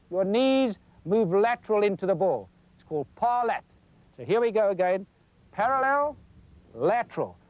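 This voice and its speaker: A man's voice: sits high, darkish tone, no echo, low-quality recording. A man giving a folksy golf lesson for television, demonstrating as he talks. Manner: folksy, demonstrating while talking. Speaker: golf instructor. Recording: 1990s television broadcast.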